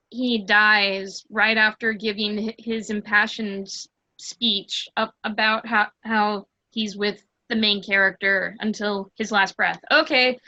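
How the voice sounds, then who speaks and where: A woman guest in a casual film review chat over a video call, sardonic and quick, often repeating words as she starts. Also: mid-range voice, bright, forceful tone, dry recording, lo-fi sound.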